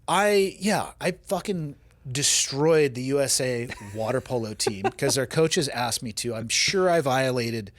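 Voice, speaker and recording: A man's voice: medium pitch, animated, a little slow, no room sound. A man in his forties hosting a podcast, talking bluntly and wryly with plenty of profanity in casual chat. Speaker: podcast host.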